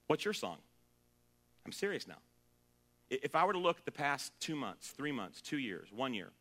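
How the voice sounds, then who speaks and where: A man preaching a sermon, joking and singing snatches of a song, then turning earnest. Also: medium pitch. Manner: humorous, jokes and sings off-key snippets; shifts between loud and quiet, earnest. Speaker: pastor.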